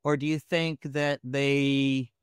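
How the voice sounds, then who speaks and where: Guy hosting a podcast, halting careful questions, clear voice, dry sound. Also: mid-range voice, flat delivery, no echo. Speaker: podcast host. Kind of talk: interview questions.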